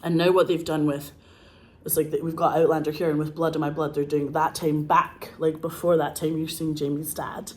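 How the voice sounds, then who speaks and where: A Scottish woman, an actress, talking casually and excitedly, gushing and swearing, with a frog in her throat. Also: deep voice, normal speed, a little hiss or hum. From Scotland. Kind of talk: casual monologue.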